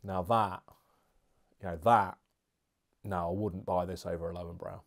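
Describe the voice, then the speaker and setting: A man's voice: deep voice, fairly even intonation, normal speed, creaky. A man reviewing beer and snacks in a casual, chatty, jokey vlog with rambling asides.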